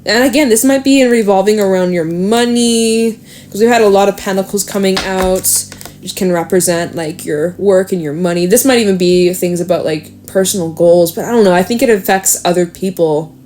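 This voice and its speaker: A woman's voice: medium pitch, moderate pace, darkish tone, a little hiss or hum. Chatty young woman reading tarot cards. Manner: chatty, swears casually, laughs often; talks to the cards as she draws them. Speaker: tarot reader.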